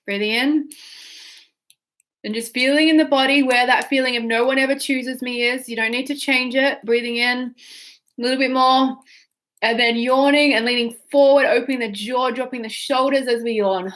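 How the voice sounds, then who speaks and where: Speaking with a high-sitting, slightly bright voice and fairly level intonation, a woman runs a tapping and breathing exercise as a tapping practitioner. The pace is slow and guiding; she gives instructions, yawns, and supplies emotional phrases, repeated whinily, for listeners to repeat.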